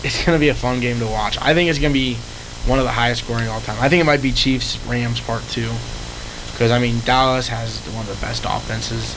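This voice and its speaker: A man chatting casually about sports, relaxed and rambling. His pitch sits in the middle. A faint hiss runs under his voice. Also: brisk. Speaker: podcast co-host.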